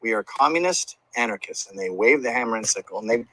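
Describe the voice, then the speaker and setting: A man telling a story in an interview, animated and acting out voices and sounds. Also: mid-range voice, fast, no echo, rough recording.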